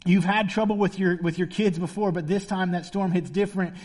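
High-voiced man preaching casually. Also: fairly even intonation, fairly quick, darkish tone. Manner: conversational, playful storytelling preacher. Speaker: pastor. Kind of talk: sermon.

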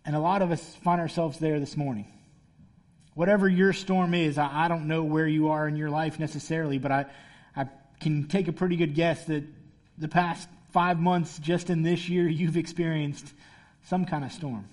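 A man's voice: on the high side, steady tone, moderate pace. A man as a pastor preaching a sermon in a casual, playful storytelling way.

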